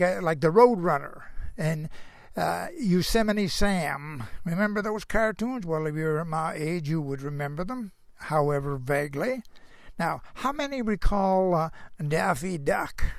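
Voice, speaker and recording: A man's voice: sits high, vocal fry, dry recording, studio quality. An older man giving a folksy Christian moral monologue. He rambles, chuckles to himself, and keeps asking the listener rhetorical questions. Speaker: storyteller.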